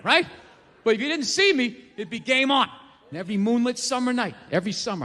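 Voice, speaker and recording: A man's voice: very high voice, lively intonation, fast talker, bright, forceful tone, long reverb tail. A man doing a profane, ranting stand-up routine, acting out the voices he quotes, before a live audience. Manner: profane, ranting, mock-outraged. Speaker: stand-up comedian. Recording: live club recording with crowd noise.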